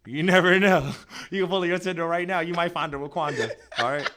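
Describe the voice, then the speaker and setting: A man's voice: fairly high pitch, fairly quick, background noise. A young man co-hosting a podcast, chatting casually and joking with lots of fillers. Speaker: podcast co-host. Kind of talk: casual chat.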